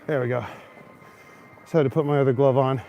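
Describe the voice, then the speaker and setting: A man's voice: medium pitch, steady tone, brisk, highs cut off, soft background music. A young man hosting a casual live stream while walking snowy city streets at night, chatting and answering viewers' comments. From Canada. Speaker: livestream host. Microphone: phone camera, held while walking.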